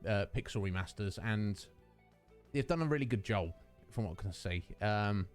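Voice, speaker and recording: A man's voice: fairly low pitch, expressive, normal speed, soft background music. A man streaming a game live, chatting affectionately with his viewers and rambling through thoughts with many restarts. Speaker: Twitch streamer.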